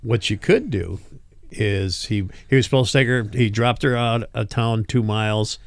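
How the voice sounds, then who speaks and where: A man co-hosting a casual podcast chat, animated, chuckling as he tells jokes. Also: fairly low pitch, moderate pace, no room sound, studio quality.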